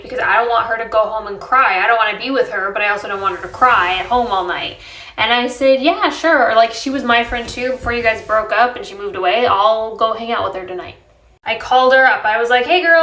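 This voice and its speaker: A woman tells a personal story in a casual storytime way and slips into other voices for the quotes. Her voice sits a little high and sounds exasperated. The room gives it a noticeable echo. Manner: animated and exasperated, acts out quoted dialogue. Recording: echoey room.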